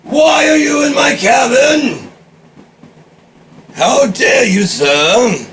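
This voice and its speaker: A man's voice: extremely high pitch, very slow, a little hiss or hum, pitched above the performer's own voice, full character voice. A man voicing a pompous, blustering old sea captain who bellows at his crew. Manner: loud, bellowing, theatrical.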